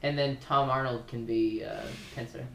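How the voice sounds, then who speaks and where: A man's voice: mid-range voice, steady tone, moderate pace, gravelly, a little hiss or hum. A man co-hosting a casual chat show, tossing in dry, wry remarks. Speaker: podcast co-host. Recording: echoey room.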